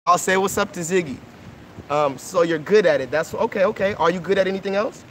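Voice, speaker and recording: Speaking a little fast in a high, somewhat bright voice, a man in his thirties livestreams from beside an outdoor pool into his phone. His casual talk with kids is earnest and coaxing, peppered with "okay?" and "right?", and slight background noise is audible.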